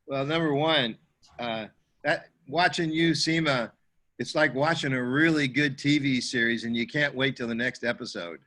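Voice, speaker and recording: A man in his fifties, a network marketing veteran, giving halting praise with many restarts on a video call. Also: mid-range voice, fairly bright tone.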